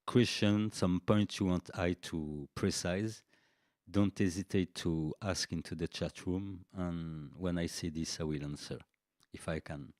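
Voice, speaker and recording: A man walks through a music software tutorial on a live stream, speaking slowly and patiently. His voice sits very low and mellow, recorded dry and close. Faint drum machine beats tick along behind him. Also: steady tone, no room sound. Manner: unhurried, explanatory, with frequent "okay" checks.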